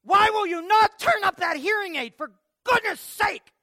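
A man acting out an impatient woman who harshly yells and scolds her elderly mother in a store. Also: very high-pitched, normal speed, no room sound, clean studio sound, pitched above the performer's own voice. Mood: angry shouting.

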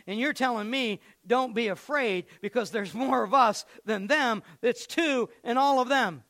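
A man's voice: very high voice, sharp tone, heavily acted. A man voicing a frightened, doubting young male servant who reasons aloud and pleads.

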